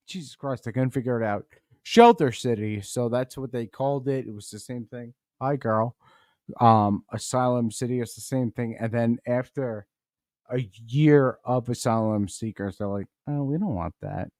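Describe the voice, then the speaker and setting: A man's voice: mid-range voice, moderate pace, darkish tone, no echo. A tipsy man hosting a comedy podcast from home, rambling, stumbling over his words and cursing as he reacts to a news clip. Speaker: podcast host. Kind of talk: casual comedic commentary.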